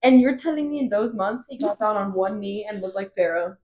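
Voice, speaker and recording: A woman's voice: mid-range voice, a little fast, low-quality recording. A woman co-hosting a book podcast, chatting casually and ranting in mock outrage. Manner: animated, exclaiming, mock-outraged rants. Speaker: podcast co-host. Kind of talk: casual book club chat.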